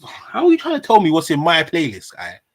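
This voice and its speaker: A man's voice: a little high, wildly swooping pitch, a little fast. A Jamaican man, chatting on a live panel in a laid-back, slangy way, getting defensive as he jokes. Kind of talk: casual panel chat.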